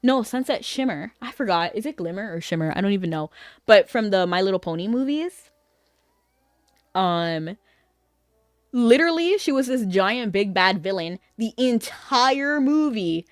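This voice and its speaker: A woman's voice: medium pitch, animated, moderate pace, no room sound, clean studio sound. A woman streaming a game, chatting casually with her viewers in a rambling, filler-heavy way and laughing easily.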